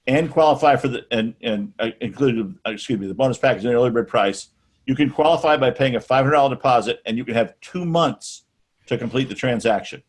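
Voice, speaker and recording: Middle-aged man, husky voice, casual webinar pitch, loose and chatty with restarts. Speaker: webinar presenter. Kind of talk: casual sales webinar talk.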